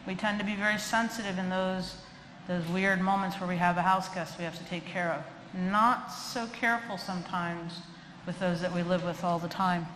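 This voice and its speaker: A woman's voice: fairly low pitch, normal speed. A middle-aged woman, a dog trainer, giving a lecture with funny stories and acting out quoted voices. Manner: animated, chatty, acts out quoted voices. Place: lecture hall. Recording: echoey hall with faint noise.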